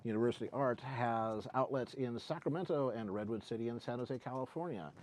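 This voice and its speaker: A man's voice: mid-range voice, fairly quick, darkish tone, slight background noise. A man co-hosting a stream, joking around and reading a sponsor thanks with hesitant fillers. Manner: joking, hesitant, with many uh's. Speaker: co-host. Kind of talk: casual chat with a sponsor shout-out.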